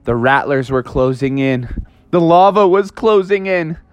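Animated man telling a children's story. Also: fairly high pitch, unhurried, clean tone, no room sound, dull audio. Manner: animated, dramatic, playful.

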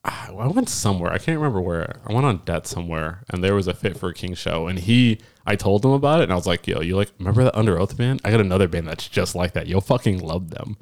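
A man's voice: low-pitched, quick pace, few pauses. A man co-hosting a casual podcast, telling concert stories with lots of swearing and jumping into his friends' voices. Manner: animated storyteller, acts out friends' voices, swears freely. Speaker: podcast co-host. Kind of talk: casual chat.

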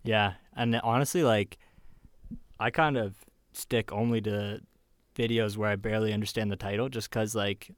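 A man's voice: on the low side, fairly even intonation, moderate pace, no echo. A man, co-hosting a casual podcast and telling jokey stories with casual swearing. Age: 20s. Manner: storytelling, joking, swearing. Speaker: podcast co-host. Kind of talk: casual chat.

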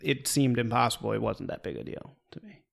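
A man's voice: mid-range voice, expressive, brisk, creaky. A man in a casual political chat who disagrees and lays out his reasoning at length. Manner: argumentative, explains at length.

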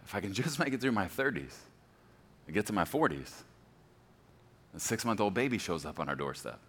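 A man's voice: on the low side, very animated, fairly quick, a bit bright, husky, in a large hall. A man in his forties preaching a sermon as a pastor, telling stories with laughter and self-deprecating humor. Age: 40s.

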